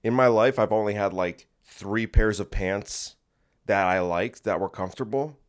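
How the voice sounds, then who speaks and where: A man with a somewhat low voice hosts his own solo podcast. He chats in a loose, joking way and keeps wandering off topic. He records from his bedroom at home. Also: moderate pace, clean tone. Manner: restless, jokey, easily sidetracked. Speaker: podcast host. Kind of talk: rambling solo podcast chat.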